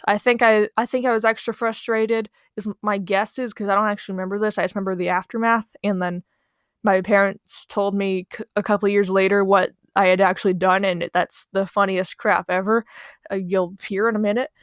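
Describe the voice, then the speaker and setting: A young woman hosting a storytime channel narrates casually over a speedpaint, rambling, mocking herself, and trailing off into quiet asides. Her medium-pitched voice is clear and resonant, with little pitch movement and a moderate pace. The home mic in her small bedroom gives a dry, close voice-over with no room sound.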